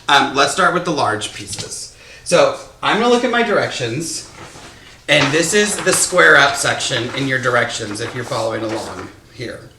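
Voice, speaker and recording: A man's voice: medium pitch, sharp tone, a little hiss or hum. Chatty man teaching quilting in an echoey room. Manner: chatty, self-deprecating, thinking aloud with fillers. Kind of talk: casual sewing tutorial. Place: sewing room, indoors. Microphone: microphone close to his face.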